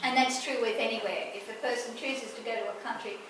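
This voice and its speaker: A woman's voice: fairly high pitch, steady tone, quick pace. A woman from Australia co-presenting a public talk, adding supportive, affirming remarks. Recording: echoey hall, distant mic, noisy.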